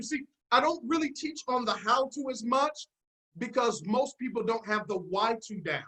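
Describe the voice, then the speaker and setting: A man's voice: extremely high pitch, normal speed, sharp tone, poor audio. A man leading a motivational business seminar, confident and preachy, with call-and-response and repeated key phrases. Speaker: network marketing team leader.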